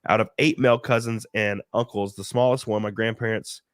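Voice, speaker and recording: A man's voice: on the low side, steady tone, brisk, no echo, studio quality. A man with a cold hosting a casual live stream chat, rambling, laughing often and reading out viewer donations. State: sick with a cold. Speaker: stream host.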